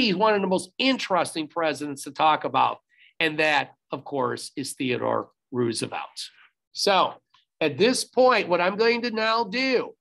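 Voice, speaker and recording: A man's voice: high voice, bright, forceful tone. A man teaching history in a recorded video lecture, speaking emphatically, repeating instructions and adding asides to the class, recorded on a laptop video-call setup.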